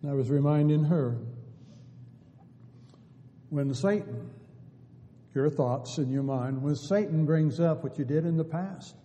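A man's voice: on the high side, unhurried, long pauses, warm tone. A man preaching a sermon in an earnest, pleading way, asking many rhetorical questions. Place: church sanctuary. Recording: church hall with long reverb.

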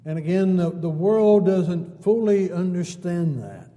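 Mellow-voiced preacher in a reverberant church. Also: male voice, high voice, animated, unhurried. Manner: repetitive, building phrases with folksy asides. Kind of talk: sermon. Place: church sanctuary. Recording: long church hall reverb.

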